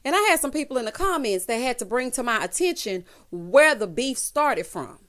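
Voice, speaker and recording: Sassy, animated woman recapping reality TV. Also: a little high, normal speed. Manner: sassy, gossipy, talks straight to viewers; calls viewers honey and child. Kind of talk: casual recap commentary to camera.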